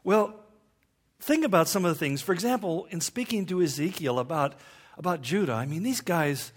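A man's voice: fairly high pitch, animated, moderate pace. A man preaching a sermon in a conversational way, with humorous asides and rhetorical questions.

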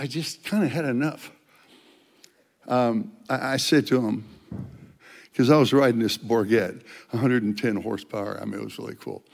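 An older man, a street evangelist, telling testimony stories in an animated way and loudly acting out the dialogue. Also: mid-range voice, in a large hall. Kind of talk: storytelling testimony.

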